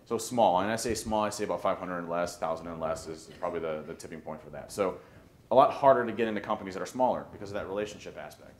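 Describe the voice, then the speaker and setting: A man giving a conference talk on social engineering, animated and joking, often restarting his sentences. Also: deep voice, quick pace. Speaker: conference speaker. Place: conference hall. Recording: roomy hall with faint ambience.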